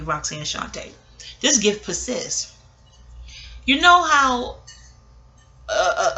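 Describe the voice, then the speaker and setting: A woman from Queens, delivering a rambling, digressive and emotional monologue about a film. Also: on the low side. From New York, Queens. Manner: digressive, emotional, expressive, swears casually. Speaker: vlogger reviewing a film. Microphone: audio-only recording.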